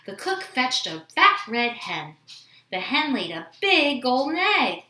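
Expressive woman reading a children's story. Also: sits high, slow, roomy sound, slight background noise. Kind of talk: children's story read-aloud. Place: home room with dogs.

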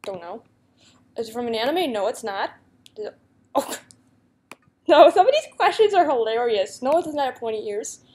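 A young woman on YouTube reads a guessing game's questions and answers them, giggling and chatting casually. Her voice is a little high with a darkish tone, very animated, at a normal pace broken by long pauses.

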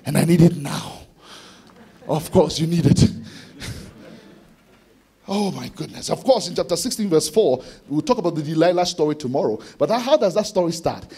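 A man preaching an expository sermon to students, animated, acting out voices with sudden shouted bursts. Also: on the high side, normal speed, slightly rough. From Ghana. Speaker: conference speaker preaching to students.

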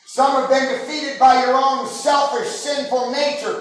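High-voiced preaching man in an echoing hall. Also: steady tone, unhurried, hardly any pauses. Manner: impassioned preaching, rising to shouts. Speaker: pastor. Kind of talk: sermon. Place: large church sanctuary. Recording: very echoey hall, mic far off.

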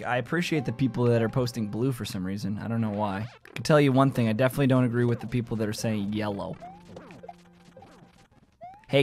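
A man giving live gameplay commentary, joking with his chat and yelling and squealing when things go wrong. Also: mid-range voice. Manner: excitable, yells and squeals at game moments. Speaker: gaming streamer.

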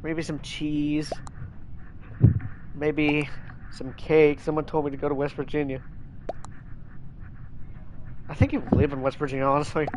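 A man's voice: on the high side, level tone, moderate pace, long pauses, background noise. A young man streaming a game in casual chat, whining and ranting in exasperation, repeating his complaints.

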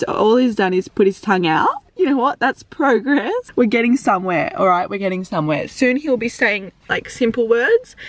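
A young woman chatting to the camera as a travel vlogger, playful and laughing often, filmed on a handheld camera in a car and outdoors. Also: on the high side. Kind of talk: casual vlog chat to camera. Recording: noisy outdoor and car recording. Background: car and street noise.

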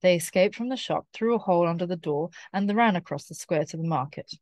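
Woman reading a children's story clearly. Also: fairly low pitch, darkish tone, dry recording, studio quality. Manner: clear, careful reading, repeating key phrases slowly. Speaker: storybook reader. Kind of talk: children's story read-aloud.

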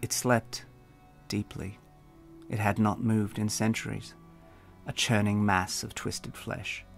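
Gravelly low-voiced man reading a novel. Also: level tone, slow, faint music behind. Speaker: author and narrator. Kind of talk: audiobook narration.

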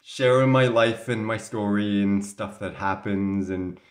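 A man's voice: on the low side, a little slow. A man from Canada telling a story to the camera in a casual, rambling way, sometimes indignant, with an occasional cough. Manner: chatty, rambling, mildly indignant. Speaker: vlogger. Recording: echoey room sound.

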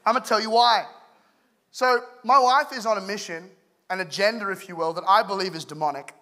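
A man's voice: sits high, brisk. A man from England in his thirties preaching a humorous sermon, telling stories with jokes. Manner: joking, animated storyteller. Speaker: pastor.

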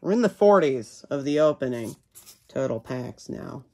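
A man with a mellow, medium-pitched voice speaks at a moderate pace in an animated way. He hosts a card-opening video, casually narrating as he tears into trading card packs, rambling, joking to himself, and sometimes referring to himself by name in the third person.

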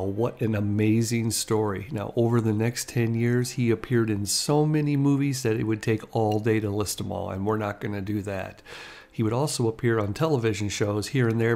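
A man's voice: fairly low pitch, darkish tone. A man hosting a classic TV channel, telling anecdotes in a chatty, casual way and laughing as he goes. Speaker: host. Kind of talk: casual storytelling.

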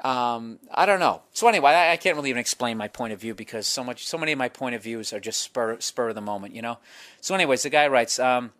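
Hosting a casual solo show, a man with an expressive, medium-pitched, fairly bright voice rambles from tangent to tangent and swears constantly, impersonating crowd members and himself in quick voices.

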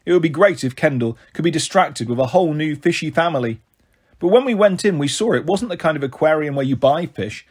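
Husky guy reading a kids' book out loud, steady, voice sits a bit high. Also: brisk. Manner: steady first-person narration. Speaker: storyteller. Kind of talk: reading a children's novel aloud.

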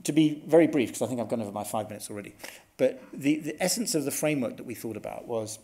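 A man's voice: mid-range voice, expressive, fast, dark tone. A middle-aged man giving a conference workshop talk in an earnest, explanatory way, often restarting his sentences. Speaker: workshop speaker. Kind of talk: conference presentation.

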